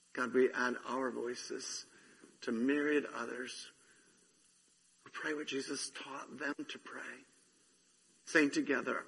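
A man's voice: medium pitch, gravelly, fairly bright tone, husky, long reverb tail, rough recording. A man leading prayer and preaching a sermon as pastor in a church sanctuary, earnest and prayerful. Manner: slow, earnest, prayerful with drawn-out phrases. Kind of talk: sermon with prayer and scripture reading.

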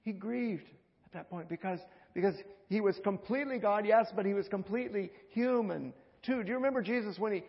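A man preaching a conversational sermon, repeating words and swinging from loud, urgent passages to hushed ones. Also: sits high, fast talker, hardly any pauses, big-room sound, muffled recording. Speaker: pastor.

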